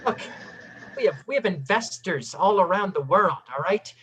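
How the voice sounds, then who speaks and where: An improv actress playing a pushy corporate brother who blusters and keeps repeating "all right?". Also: female voice, medium pitch, animated, moderate pace, a bit bright, a little hiss or hum, natural voice, low-quality recording. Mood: stressed. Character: pushy corporate fruit-company CEO brother. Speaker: improv performer. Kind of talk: improv comedy scene.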